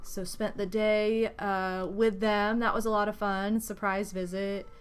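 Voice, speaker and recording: A woman in her thirties chats casually and rambles on a live game stream, greeting viewers as she plays a video game and talks around a retainer. Her mid-range voice is clear and resonant, with a level tone and an unhurried pace. Faint game music plays in the background.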